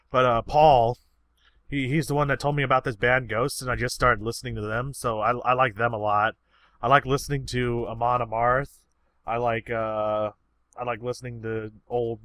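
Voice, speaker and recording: Chatting casually with viewers, this man rambles through their questions and swears freely, unpolished and easygoing. His mid-range voice sounds pushed and bright, recorded without echo.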